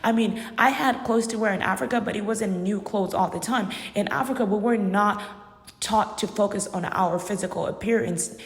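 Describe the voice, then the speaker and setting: A woman from Uganda, whose first language isn't English, gives a personal monologue in an echoey room with long reverb. Her voice is medium-pitched and her pace moderate. She speaks emphatically, repeating phrases to drive her points home.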